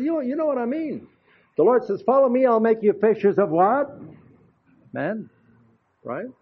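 An older man preaching in a folksy, chatty way, telling anecdotes with frequent asides to the congregation. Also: sits high. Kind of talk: folksy storytelling sermon. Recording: dull lo-fi recording.

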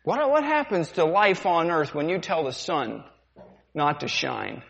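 Slow, animated man preaching. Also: fairly high pitch, creaky. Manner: rhetorical questions, repeats lines for effect. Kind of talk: sermon. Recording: dull sound, long hall reverb.

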